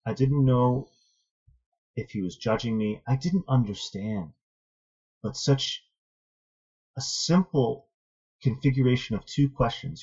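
A man guest telling a personal story in an earnest, thoughtful, measured way. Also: mid-range voice, dark tone, slightly rough. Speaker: interview guest, martial arts student. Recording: dull lo-fi audio.

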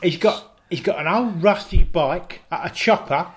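A man's voice: high voice, normal speed. A man co-hosting a comedy podcast, telling an improvised story and checking in with "right?". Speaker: podcast co-host.

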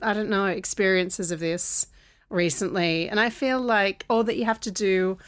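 A woman co-hosts a podcast, griping with wry, self-aware humor. Her pitch sits right in the middle, and the sound is dry and close to the mic. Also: fairly even intonation, normal speed, clear, resonant tone, no room sound. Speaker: podcast co-host. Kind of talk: casual chat.

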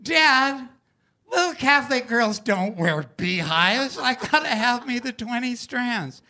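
A man's voice: very high-pitched, animated, slow pace, pushed and bright, pitched above the performer's own voice, full character voice. A man voicing himself as an eager six-year-old boy who pleads insistently. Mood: pleading.

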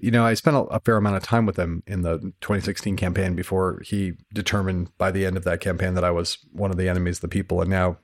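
Low-voiced male journalist host, brisk and frank, swears casually. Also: level tone. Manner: brisk, storytelling, frank and profane. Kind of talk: casual political discussion.

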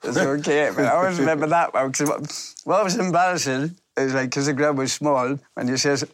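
A man, a former footballer, recalling matches in a chatty, halting way with many restarts. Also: fairly high pitch, dry recording. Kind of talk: anecdotal storytelling in a documentary interview.

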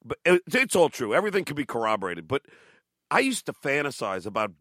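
Guy swearing nonstop in a casual chat, stumbles over words, bright voice, dry mic. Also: medium pitch, very animated, quick pace, dry recording. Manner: blunt, swears a lot, stammering restarts.

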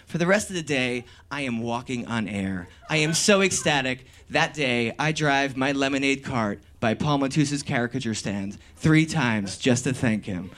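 A young man telling a comic personal story on stage, animated and swearing, laughing and breaking into shouts. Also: medium pitch, moderate pace, few pauses. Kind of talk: live comedic storytelling.

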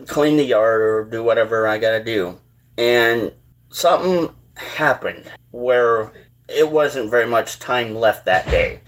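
A man hosting his own show, telling a personal story in a halting, rambling, earnest way. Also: medium pitch, a bit bright. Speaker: show host.

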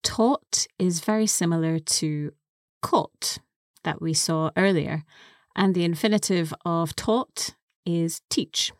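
A woman co-hosting a podcast English lesson, explaining words slowly and carefully into a close studio mic. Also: on the low side, no echo. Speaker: co-host and English teacher.

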